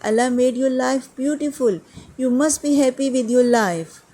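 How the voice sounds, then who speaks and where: A woman's voice: sits high, moderate pace, warm tone. A woman voicing a sad, self-pitying male crow in a spoken story, with a plaintive, complaining manner. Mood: admiring.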